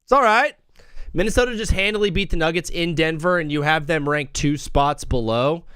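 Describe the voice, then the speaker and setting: A man's voice: on the high side, normal speed, fairly bright tone, clear, resonant tone, no echo, clean studio sound. A young man hosting a live sports talk stream, brash and rambling, joking as he reads the chat. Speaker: sports talk show host.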